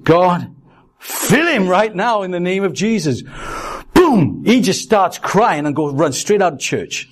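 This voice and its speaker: A middle-aged male preacher delivers a sermon built on personal stories. His voice sits a little high, and he tells each story in an animated way, acting out the quotes. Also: slightly rough.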